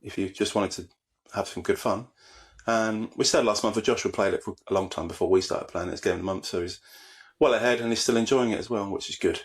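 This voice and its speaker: A man co-hosting a casual podcast, his lowish voice running at a brisk clip. He chats in an easygoing way, explaining things at length. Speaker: podcast co-host. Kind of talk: casual chat.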